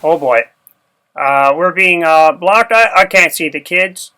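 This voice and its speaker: A man's voice: a little high, measured pace, pushed and bright, clear, resonant tone, poor audio. A man voicing a fussy male cartoon bird that stammers and grumbles politely. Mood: flustered. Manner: stammering, polite, grumbling under his breath. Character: fussy male cartoon bird being drawn, easily annoyed.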